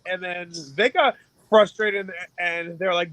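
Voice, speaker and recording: A man's voice: sits high, steady tone, normal speed, fairly bright tone. A man interviewing, telling a laid-back, chuckling anecdote in casual talk. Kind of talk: casual storytelling.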